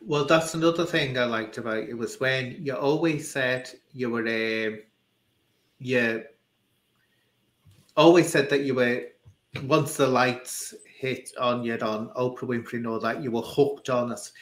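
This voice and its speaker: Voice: medium pitch, fairly even intonation, a little slow. Storytelling Scouse-accented host. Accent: Liverpool. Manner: anecdotal, full of quoted speech. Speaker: interview host. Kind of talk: casual chat. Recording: roomy echo.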